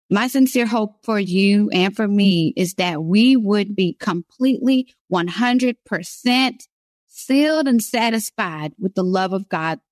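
Woman, devotional sermon, slow and deliberate, emphatic repetition, dry close sound. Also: mid-range voice, darkish tone, no room sound. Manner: earnest, emphatic, repeats key phrases. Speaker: women's devotional speaker.

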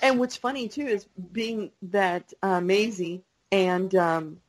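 A woman's voice: medium pitch, takes it slowly, poor audio. A woman co-hosting a casual fan podcast, rambling and hesitant with many ums. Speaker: podcast co-host.

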